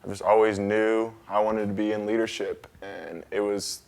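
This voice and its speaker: Low flat-voiced teenage boy. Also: normal speed, gravelly. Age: teens. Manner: earnest, plain-spoken, hesitant fillers. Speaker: student guest. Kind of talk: casual interview.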